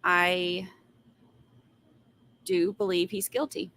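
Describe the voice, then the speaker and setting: A woman's voice: fairly low pitch, flat delivery, extremely slow, a bit bright. A woman hosting a live trial commentary, answering viewer comments and giving blunt, sassy opinions with exasperated rants. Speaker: trial commentary livestream host.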